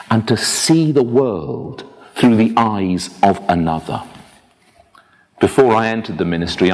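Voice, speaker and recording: A man preaching a sermon as a minister, telling anecdotes in a lively, self-deprecating way. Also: lowish voice. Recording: long reverb of a church hall.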